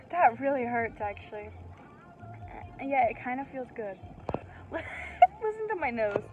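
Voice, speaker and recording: Giggly high-voiced female vlogger. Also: big pitch swings, measured pace, pauses often, narrow, tinny audio, over music. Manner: giggly, chatty, keeps restarting. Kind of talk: casual vlog chat.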